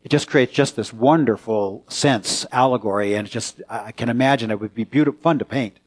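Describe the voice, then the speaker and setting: A pastor delivers a conversational sermon in church, turning to the congregation with questions. His male voice sits in the mid range and moves a little fast.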